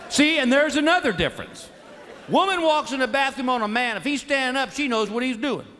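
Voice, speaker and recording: Guy doing stand-up, high-ish voice, crowd roaring, noisy live mic. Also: lively intonation, brisk. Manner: folksy, exasperated storytelling, acting out his wife and himself. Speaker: stand-up comedian. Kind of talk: stand-up comedy set. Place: large theater with a laughing audience. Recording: live show with loud crowd laughter.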